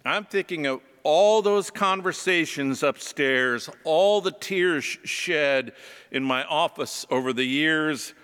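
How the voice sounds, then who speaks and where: A man, a pastor, preaching a sermon and telling stories in a slow, reflective way. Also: a little high, fairly bright tone, clean tone, in a large hall. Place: church.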